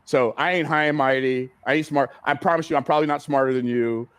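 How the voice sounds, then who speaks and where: A man's voice: medium pitch, steady tone, fast talker, clean tone, no room sound. A man coaching a live room in seminar style, hammering his points home with repeated phrases and questions to the crowd. His voice sits mid-range and sounds close and dry, with no room ring. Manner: emphatic, repeats key phrases, asks the audience questions. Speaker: business coach speaking on stage. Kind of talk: seminar teaching talk. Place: event room with a live audience.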